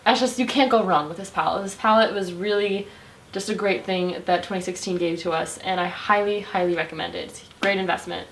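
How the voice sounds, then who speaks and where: A woman's voice: lowish voice, a little fast, a bit bright, slight background noise. A young woman chattily reviewing her favorite makeup on her vlog, with lots of "like" fillers. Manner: chatty and bubbly, heavy use of "like". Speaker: beauty vlogger.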